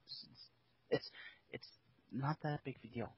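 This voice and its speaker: A man's voice: mid-range voice, unhurried, husky, no echo, dull audio. A man taking part in a casual group chat, laid-back and joking. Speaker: chat guest.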